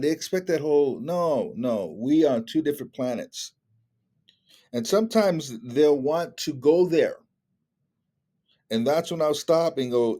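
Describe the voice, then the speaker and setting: Speaking a little slowly in a voice on the high side, a middle-aged guest speaker tells stories in a casual conversation. He animatedly performs other people's lines, changing his voice as he goes.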